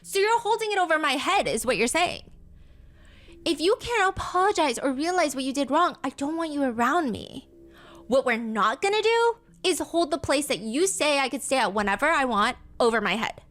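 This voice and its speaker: Woman reading as a calm, patient young man. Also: sits high, moderate pace, pitched above the performer's own voice. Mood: pleading. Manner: soft, passive, even cadence.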